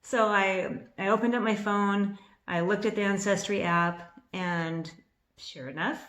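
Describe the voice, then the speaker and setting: A woman in her fifties telling a personal story to camera in an excitable, rambling way, a little nervous, with restarts and bursts of laughter. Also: mid-range voice, measured pace. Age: 50s. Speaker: vlogger. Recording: echoey room.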